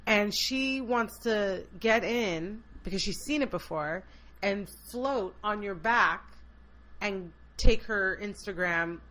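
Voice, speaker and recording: A woman co-hosting a podcast, telling stories in casual, profane, animated chat. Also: mid-range voice, slow. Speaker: podcast co-host.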